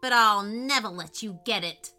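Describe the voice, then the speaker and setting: A woman voicing a furious, nasty old witch in a storybook reading, with loud cackling. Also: medium pitch, moderate pace, faint music behind.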